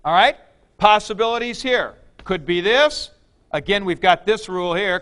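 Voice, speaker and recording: At a moderate pace, a man with a high voice, lively intonation, and a fairly bright tone teaches grammar in a classroom lecture. He breaks it down step by step, plain-spoken and folksy, pausing to check in with listeners.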